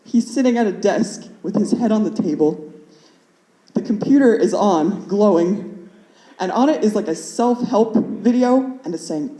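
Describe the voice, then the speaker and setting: A woman's voice: medium pitch, expressive, a little slow, warm tone, reverberant, low-quality recording. Rambling young woman doing stand-up. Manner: nervous, rambling, many "like" fillers. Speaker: stand-up comedian. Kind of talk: stand-up comedy set. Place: comedy club stage.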